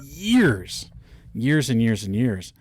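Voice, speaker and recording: A man's voice: mid-range voice, moderate pace, darkish tone. A man chatting casually, telling a story with many fillers and restarts. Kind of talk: casual chat.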